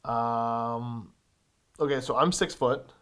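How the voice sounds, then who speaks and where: A young man co-hosting a casual chat show, reading out viewer questions in a relaxed, drawling way with fillers. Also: medium pitch, slow, clear, resonant tone.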